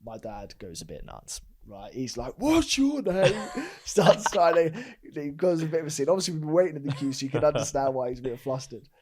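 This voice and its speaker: A man co-hosting a casual podcast, chatty and quick to react. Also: mid-range voice, lively intonation, dark tone. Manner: chatty, quick reactions, eggs the other host on. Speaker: podcast co-host. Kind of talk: casual chat.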